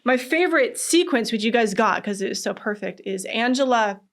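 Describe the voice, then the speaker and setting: A woman guest in a casual interview, telling animated stories, acting out quotes, laughing often. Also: a little high, brisk.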